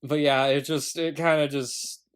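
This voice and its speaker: A man's voice: a little high, level tone, measured pace, smooth. A man co-hosting a film review podcast, talking casually and rambling with frequent ums and trailing asides. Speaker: podcast co-host.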